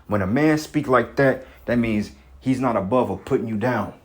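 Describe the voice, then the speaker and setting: A man's voice: mid-range voice, normal speed. A man reading news stories aloud and commenting between them in a rambling, profane, streetwise way, often repeating and restarting his words.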